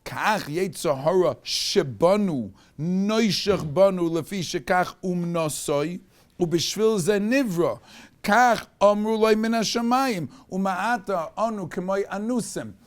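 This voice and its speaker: A man's voice: high voice, a little slow. A man teaching a Torah class in a synagogue study hall. He reads Hebrew text aloud, then explains it in English with rhetorical questions. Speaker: rabbi teaching a weekly class. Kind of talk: Torah lecture.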